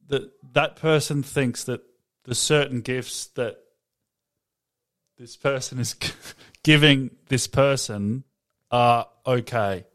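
A man's voice: mid-range voice, a bit bright. A man co-hosting a podcast in casual chat, often laughing and trailing off mid-sentence. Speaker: podcast co-host.

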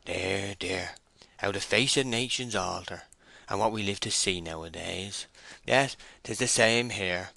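A man voicing an ancient country maltster who rambles slowly and wistfully about old times. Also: lowish voice, creaky, pushed and bright, no echo, full character voice. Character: older rustic man, the gossiping maltster.

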